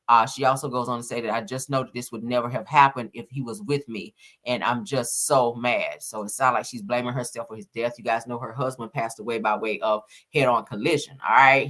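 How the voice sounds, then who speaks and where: Woman reading out messages on her gossip stream, bright sharp voice, lots of uh's and slangy asides. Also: a bass voice. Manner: reads haltingly with many "uh" fillers, casual slang asides. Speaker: celebrity gossip commentator.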